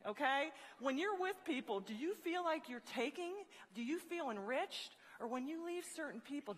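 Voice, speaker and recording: A woman motivational speaker giving a humorous, animated faith-based talk to college students in a large hall. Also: fairly high pitch. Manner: animated, joking storyteller. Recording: long reverb of a large hall.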